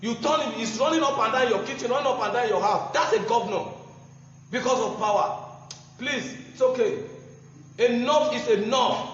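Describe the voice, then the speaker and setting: A man's voice: very high-pitched, moderate pace, a bit bright, a little hiss or hum. A man with a Nigerian English accent giving an impassioned political speech, combative and mocking, often chuckling through his jabs. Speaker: political campaigner. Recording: muffled echoey hall recording.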